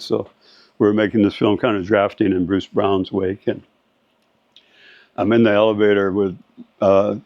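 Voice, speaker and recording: This seventy-something surfer and board shaper from California shares rambling old stories in a reminiscing interview. The voice is lowish and a little mellow, in a dry recording with dull lo-fi sound and faint music.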